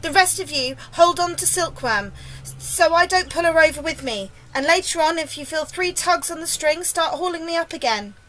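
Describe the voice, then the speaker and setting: A woman voicing a brave young boy from a storybook, calling out loudly and urgently. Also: extremely high pitch, lively intonation, normal speed, pitched above the performer's own voice, rough recording. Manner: loud, urgent calls.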